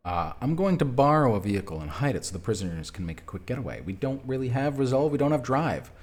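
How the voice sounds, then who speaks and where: A man streaming a text adventure game, reading the story aloud and chatting casually about his choices in a lively, self-mocking way. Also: lowish voice, fast, hardly any pauses.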